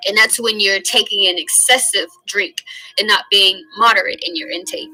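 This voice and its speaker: A woman teaching from the Bible in a casual, earnest way, slowly stressing key phrases. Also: medium pitch, fairly even intonation, bright, forceful tone, soft background music, low-quality recording. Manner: earnest, conversational, drawn-out emphasis on key phrases.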